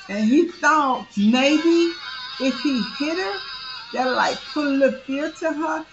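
A woman spins a casual, slangy story and acts out the dialogue. Her voice sits high and she takes her time. The recording is muffled and lo-fi, with music playing clearly underneath. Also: expressive, unhurried.

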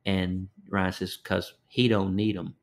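Man, older, Texan accent, low voice, folksy storytelling, repeats words, interview guest. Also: level tone, takes it slowly. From Texas. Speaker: fishing guide guest.

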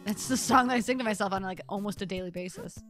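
A woman's voice: mid-range voice, fast, faint music behind. A young woman watching a friend play and teasing her with laughs and swears. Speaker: co-host watching the game. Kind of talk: casual gaming chat.

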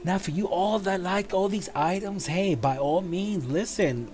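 A man hosting a casual show, chatting playfully as he reviews event items, with quick asides. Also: high voice, a little mellow, faint music behind. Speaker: show host.

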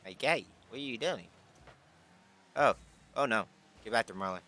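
A gaming YouTuber gives playful Rocket League commentary in a medium-pitched voice with lively intonation at a moderate pace, over slight background noise. Playing the part of a pretend team owner, he bosses, mock-scolds and trash-talks his teammates with hype and yelling.

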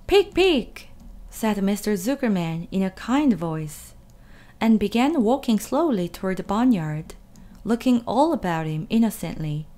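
A woman reading a children's story aloud in a gentle, expressive way. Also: medium pitch.

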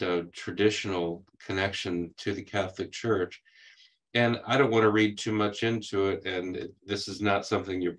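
A man's voice: low voice, a bit bright. A man interviewing a veteran, asking questions in a hesitant, searching way with many restarts.

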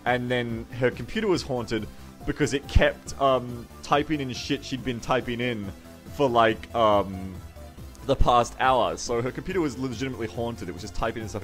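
Young man, game streamer, excitable, swears a lot, faint music behind, mid-pitched voice. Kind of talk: casual stream banter.

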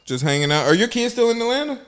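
A man's voice: extremely high pitch, big pitch swings, fast talker, fairly bright tone. A man co-hosting a casual chat show, firing nosy, joking questions at the guest. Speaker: podcast co-host.

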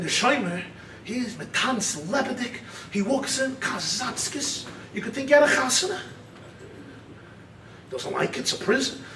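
A man, a rabbi, giving a keynote lecture that mixes teaching with storytelling, swinging between shouted emphasis and hushed low asides. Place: large hall at a weekend retreat. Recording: echoey hall, far-off mic, faint hiss.

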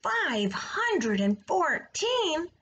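A woman's voice: mid-range voice, sing-song, unhurried, muffled recording, slight background noise. A woman voicing an innocent, eager young male pig in a storybook read-aloud, asking earnest questions. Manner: wide-eyed, earnest questions.

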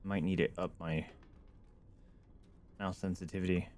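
A man's voice: deep voice, level tone, a little slow, a little mellow, slight background noise. A man streaming a horror game, giving casual commentary full of jokes, swearing and mock bravery.

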